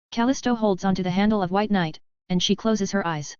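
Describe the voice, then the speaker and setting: A woman narrating a web novel audiobook in a steady, even reading voice. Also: mid-range voice, brisk, hardly any pauses, smooth, dry recording. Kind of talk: scripted narration. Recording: slightly dull lo-fi audio.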